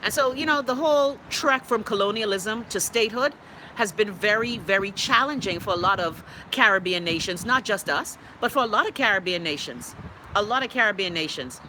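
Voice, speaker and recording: A woman's voice: mid-range voice, expressive, fairly quick, sharp tone, slight background noise. A middle-aged woman with a Bahamian accent hosting a live stream, reading viewer comments and giving her blunt, profane opinions. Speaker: host.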